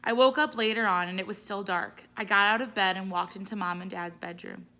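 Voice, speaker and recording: A woman teacher gently reading a children's novel aloud. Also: mid-range voice, brisk. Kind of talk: read-aloud storytelling.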